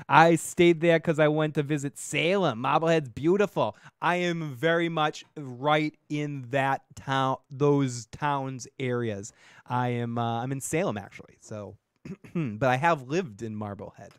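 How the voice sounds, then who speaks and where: This podcast host from Massachusetts speaks with a Boston accent, picking apart a TV episode in profane, meandering chatter that repeatedly trails off and restarts. His voice sits on the high side at a measured pace, smooth and dry in a clean studio recording.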